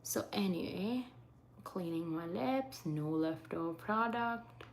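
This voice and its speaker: Chatty woman with a gravelly, low voice. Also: expressive, slow. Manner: chatty, often dropping into soft half-whispers. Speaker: livestreaming makeup host. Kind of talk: casual live makeup chat, reading comments. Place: at home in Saskatchewan. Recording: faint background noise.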